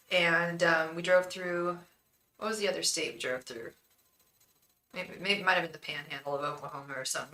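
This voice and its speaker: A woman tarot reader chats on a live stream, joking and wandering off into asides. Her voice is bright and ringing, and the room is noticeably echoey. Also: lowish voice. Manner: chatty and joking, rambling asides to viewers. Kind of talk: casual live-stream chat.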